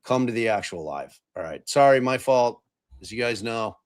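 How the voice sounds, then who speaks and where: A man's voice: medium pitch, expressive, normal speed, no echo, clean studio sound. Self-mocking middle-aged man, casual swearing. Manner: self-mocking, swears freely, fumbles with tech. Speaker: podcast host. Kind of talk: casual live-stream chat.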